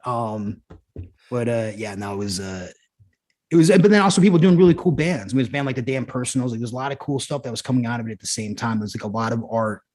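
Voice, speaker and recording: Male podcast guest, ex-punk musician; loose, rambling anecdotes, frequent fillers and restarts, casual swearing, average pitch. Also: lively intonation, fast, a little mellow. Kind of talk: casual conversational storytelling.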